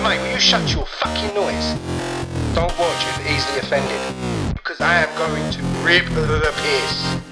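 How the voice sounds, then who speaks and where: Loud, swearing gaming host. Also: male voice, mid-range voice. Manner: loud, swearing, keeps calling out to viewers. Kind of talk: let's play commentary.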